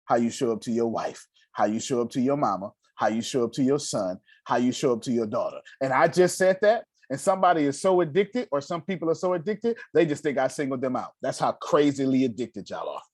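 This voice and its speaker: A man's voice: mid-range voice, expressive, a little fast, few pauses, no room sound, studio quality. A man coaching a group over a video call, blunt and profane, with emphatic delivery. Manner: blunt, profane, emphatic, acts out quoted voices. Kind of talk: motivational coaching talk.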